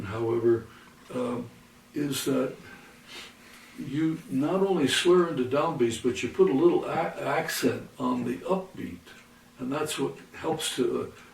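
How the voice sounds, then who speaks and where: Gravelly man teaching guitar. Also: medium pitch, darkish tone, recorded from a distance. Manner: halting, restarts often, counts beats aloud. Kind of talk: lesson with demonstrations. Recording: roomy, from off the mic, faint noise.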